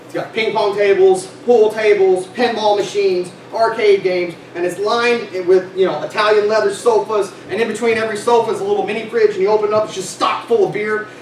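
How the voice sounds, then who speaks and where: A young man, a sales company vice president, telling a lively story and acting out dialogue in a motivational speech to his team. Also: sits high. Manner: animated storytelling, acts out dialogue, laughs often. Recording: echoey room, distant mic, noisy.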